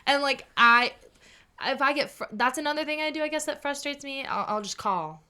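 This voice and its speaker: A woman's voice: sits high, animated, moderate pace, sharp tone. A woman guest on a podcast in casual, playful chat, poking fun at herself and trailing off to a mumble at the end of phrases. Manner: playful, self-deprecating, drops to a mumble at phrase ends.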